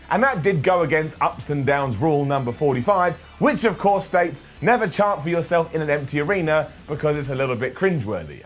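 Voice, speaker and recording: A man talks through a wrestling review with sarcastic jokes and side remarks. His voice sits a bit high and swings up and down a lot. Faint music plays behind him. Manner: sarcastic, joking asides. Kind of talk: casual comedic video commentary.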